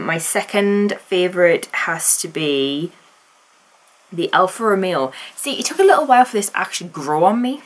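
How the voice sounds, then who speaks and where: A woman's voice: low voice, fairly bright tone. A woman vlogging casually, chatty and enthusiastic, rambling through her opinions with restarts.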